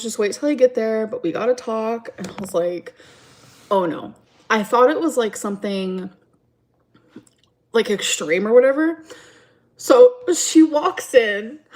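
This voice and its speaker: A woman's voice: fairly high pitch, a little mellow. A woman streaming from home, chatting casually and rambling through a story time while answering her chat.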